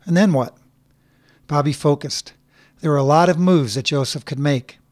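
A man reading a short story aloud in a measured, even storytelling manner. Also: on the high side, dry recording. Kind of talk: scripted narration.

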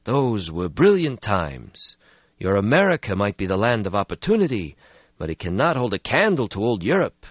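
A gloomy ancient vampire, as a man reading a storybook puts him on, drawing out each word in a raised, slow voice. He sounds bone-tired and heavy with regret. The dry, slightly dull recording keeps him close. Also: on the low side, sing-song, breathy edge, dry recording, pitched above the performer's own voice. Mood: nostalgic. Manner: slow, mournful, world-weary. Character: weary ancient melancholy male vampire. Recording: slightly muffled lo-fi audio.

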